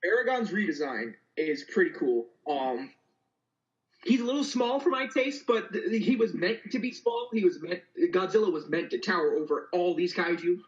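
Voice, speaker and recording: Casting: high male voice, eager fan, slightly muffled lo-fi mic. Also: animated. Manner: enthusiastic fan, quick explanatory run-ons. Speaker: podcast co-host. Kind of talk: casual film discussion.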